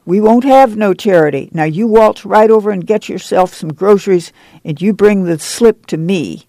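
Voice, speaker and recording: A woman's voice: medium pitch, normal speed, mellow, dry recording, pitched above the performer's own voice, natural voice. A reader voicing a stern, commanding woman who leads a camp committee, in a folksy rural dialect.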